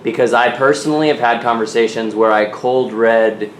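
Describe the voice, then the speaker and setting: A man's voice: medium pitch, moderate pace, slight background noise. A man from the audience asking a hesitant, rambling question. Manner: hesitant, filler-heavy questioning. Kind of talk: casual question. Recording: echoey room.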